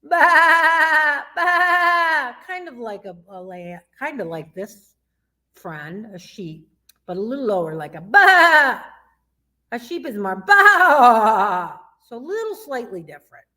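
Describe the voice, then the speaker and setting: A woman's voice: mid-range voice, sing-song, moderate pace, a little mellow. A woman youth librarian from Michigan leading a children's story time in a sing-song way. She asks her young listeners questions and imitates animal sounds.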